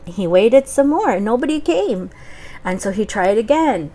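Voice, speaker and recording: A young adult woman telling a children's story aloud, slowly and expressively, with many pauses. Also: medium pitch, animated, darkish tone, a little hiss or hum. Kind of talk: oral storytelling for kids.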